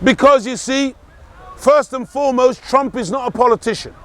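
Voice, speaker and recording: High-voiced man preaching outdoors. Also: normal speed. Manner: forceful, preaching, repeats for emphasis, shouts at times. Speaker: street speaker. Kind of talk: outdoor public speech. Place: outdoors in a city park.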